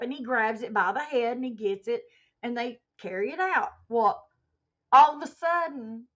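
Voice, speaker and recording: Chatty woman livestreaming, muffled lo-fi sound. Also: fairly high pitch. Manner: animated storyteller, reads chat aloud. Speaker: livestream host. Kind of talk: casual livestream chat. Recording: muffled lo-fi stream audio.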